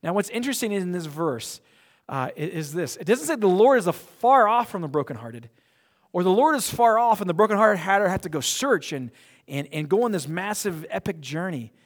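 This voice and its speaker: A middle-aged male pastor preaching a sermon, moving between loud declarations and hushed, near-whispered lines. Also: high voice, big pitch swings, moderate pace.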